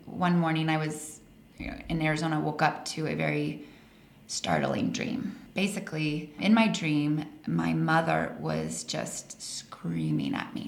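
A woman in her forties from Colorado, telling personal stories as a podcast guest in an animated way that laughs through the telling. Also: low voice, creaky. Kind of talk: casual storytelling interview. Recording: roomy echo, faint hiss.

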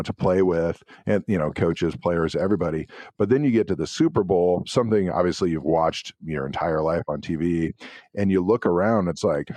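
Deep voiced guy in his 40s telling locker room stories, dry close mic. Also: dry recording. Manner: animated anecdotes with acted-out quotes. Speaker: guest, former pro football player. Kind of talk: casual interview storytelling.

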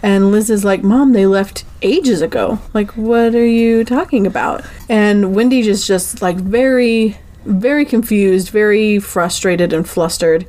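A woman's voice: medium pitch, a little slow, warm tone. A woman co-hosting a casual podcast, recounting a film's scenes in a chatty way with many filler words. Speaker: podcast co-host. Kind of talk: casual movie recap chat.

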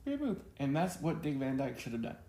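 A man's voice: medium pitch, fast, warm tone, reverberant. A man co-hosting a podcast in casual chat, joking and teasing his co-host. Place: home studio. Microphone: podcast mic.

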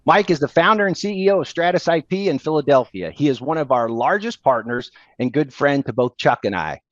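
A man co-hosting a podcast, telling stories in a casual, animated way and laughing often, on a dull, dry recording. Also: on the high side, brisk, no room sound. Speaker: podcast co-host. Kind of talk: casual storytelling chat.

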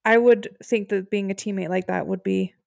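A woman co-hosting a podcast talks in relaxed, casual chat. She laughs often as she speaks, at a medium pitch. The mic is close and the audio is dry. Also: normal speed, creaky, dry recording. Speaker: podcast co-host.

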